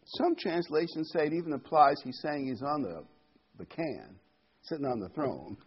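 A man preaches an informal, conversational sermon with a husky voice, his pitch rising and falling as he retells the story. He restarts his sentences often and tosses in asides. The recording sounds dull and lo-fi. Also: big pitch swings, normal speed.

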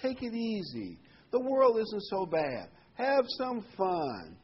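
A preacher putting on a coaxing, lazy devil. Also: male voice, sits high, wildly swooping pitch, slightly rough, voice pushed up, exaggerated voice. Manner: coaxing, drawn-out soothing urging. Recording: muffled lo-fi recording.

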